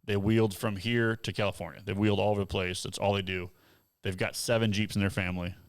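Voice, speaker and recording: Gravelly-voiced man telling a trail story. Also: fast talker, dry recording, clean studio sound. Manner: animated storyteller, acts out others in a high voice. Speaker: podcast host. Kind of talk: casual storytelling chat.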